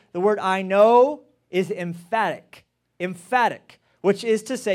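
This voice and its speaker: A middle-aged man preaching a sermon as pastor, animated, often repeating words as he stresses a point. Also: high voice.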